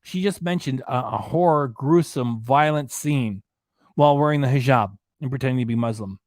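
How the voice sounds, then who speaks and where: A man's voice: medium pitch, moderate pace, a little mellow, no room sound. Indignant ranting man, dry sound. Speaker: reaction channel commentator. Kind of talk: angry commentary.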